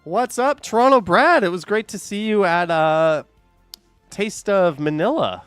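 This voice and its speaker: A man's voice: high-pitched, lively intonation, a little slow, a bit bright, clear, resonant tone, dry recording, faint music behind. Chatty male live-stream host. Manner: chatty, laughs often, reads chat aloud. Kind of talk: casual live-stream chat with callers.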